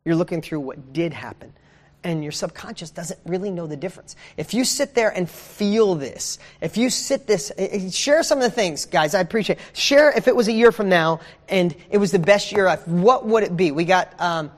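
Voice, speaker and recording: A man leading a motivational session for a members' group, fired up and preachy, throwing out rapid questions and swearing casually. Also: sits high, animated, long reverb tail. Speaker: success coach hosting a members' group. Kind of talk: energetic motivational livestream.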